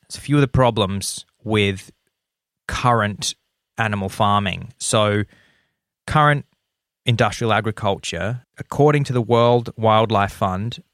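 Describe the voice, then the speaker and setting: A man's voice: fairly low pitch, a bit bright, no room sound, clean studio sound. A man co-hosting a casual podcast, jokey and explaining topics at length with frequent restarts. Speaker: podcast co-host. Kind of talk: casual chat.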